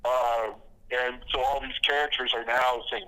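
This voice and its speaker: A man chats casually as a podcast guest, his voice bright and pushed forward. He strings stories together with plenty of fillers and false starts, chuckling at his own jokes. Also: mid-range voice, level tone, moderate pace, clean tone, rough recording. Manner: rambling storyteller, many fillers and restarts, laughs at own jokes. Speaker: podcast guest, comic creator. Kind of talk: casual interview talk.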